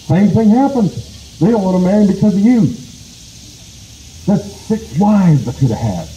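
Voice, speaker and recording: A man plays a lonely, whiny possum from a folk tale, forever moaning about wanting a wife. His tone is dark and mellow. Echo hangs around every word. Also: medium pitch, animated, moderate pace, lightly acted. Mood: complaining. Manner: whiny, complaining, groaning. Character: lonely, plaintive male possum seeking a wife. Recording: echoey with faint noise.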